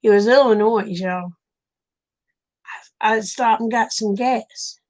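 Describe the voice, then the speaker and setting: A woman's voice: fairly high pitch, slow, a little mellow. A woman with an Oklahoma accent, chatting casually with viewers and telling folksy stories. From Oklahoma, USA. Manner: folksy storytelling, laughs often. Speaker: livestream host.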